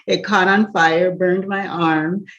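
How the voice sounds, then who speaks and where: A young woman, an empath coach, telling a personal story in an animated way with frequent laughs and asides. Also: fairly low pitch, takes it slowly. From United States. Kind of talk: storytelling encouragement talk. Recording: dull lo-fi recording.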